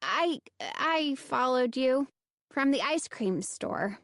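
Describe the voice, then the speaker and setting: A curious, outspoken girl who asks blunt questions, as a woman reader voices her. The pace is slow and the sound close and dry. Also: high-pitched, expressive, no room sound, full character voice.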